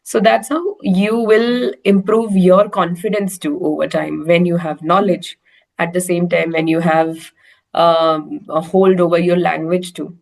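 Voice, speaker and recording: A woman's voice: fairly low pitch, steady tone, unhurried, gravelly. A woman with an Indian accent coaching a learner in casual English conversation. She is encouraging and often checks in with "right?".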